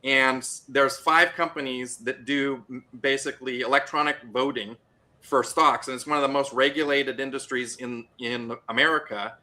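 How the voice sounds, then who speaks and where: A man guest on an online panel, answering in a relaxed way and thinking aloud as he goes. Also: mid-range voice, moderate pace. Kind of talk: casual political discussion.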